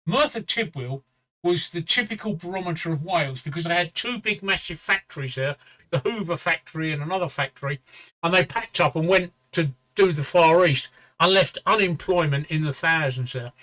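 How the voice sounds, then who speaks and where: A man's voice: fairly high pitch, moderate pace, a bit bright, rough recording. A middle-aged English man hosting a casual chat, telling a rambling pub story with swearing and "right?" tags. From England. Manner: swearing, repeats "right?" as a tag; quotes others in a raised voice. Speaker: show host.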